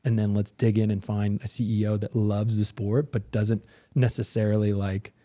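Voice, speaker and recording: Relaxed, rambling man in an interview. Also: on the low side, moderate pace. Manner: loose, rambling storytelling with many fillers. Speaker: interview guest, former pro snowboarder. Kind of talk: casual interview talk.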